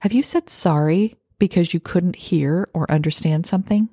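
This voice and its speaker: Low-voiced woman podcast host, dry close sound. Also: moderate pace, few pauses, slightly rough, dry recording. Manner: calm coaching tone, acting out example phrases. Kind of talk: podcast advice monologue.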